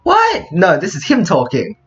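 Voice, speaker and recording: Young male let's play host, joking around, bouncy pitch, a bit above average voice. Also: wildly swooping pitch, fairly bright tone, highs cut off. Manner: jokey, quick to laugh, rambling asides. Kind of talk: casual game commentary with a friend.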